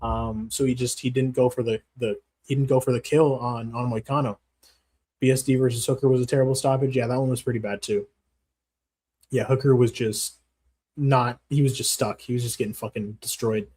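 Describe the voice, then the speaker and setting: A man's voice: medium pitch, steady tone, fairly quick, warm tone, slightly rough. A man hosting a casual livestream, answering chat in a profane, rambling, slangy way. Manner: profane, rambling, slangy, calls viewers bro. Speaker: MMA channel host reading live chat.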